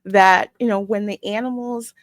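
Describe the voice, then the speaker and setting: A woman co-hosting a relaxed film review, tumbling quickly from one point to the next and restarting her sentences as she goes. Her voice sits at a middle pitch. The room is dry and close. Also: no echo. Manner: animated, hurried and full of restarts. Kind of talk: casual review chat.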